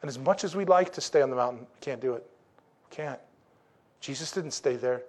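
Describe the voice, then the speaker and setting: A man preaching a sermon in a conversational, folksy way, with rhetorical questions and slow, emphatic declarations. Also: medium pitch. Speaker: pastor.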